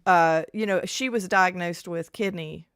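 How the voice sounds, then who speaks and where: A woman co-hosting a casual health chat, telling stories in an animated, rambling, exclamatory way. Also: fairly low pitch, unhurried, smooth, dry recording, clean studio sound. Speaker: co-host.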